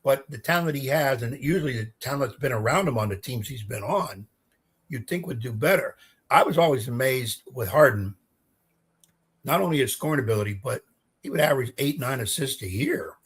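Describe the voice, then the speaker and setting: A middle-aged man co-hosting a casual sports talk show as a coach, measured and reflective, laughing easily. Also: mid-range voice, expressive, fairly bright tone, breathy edge. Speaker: co-host, coach.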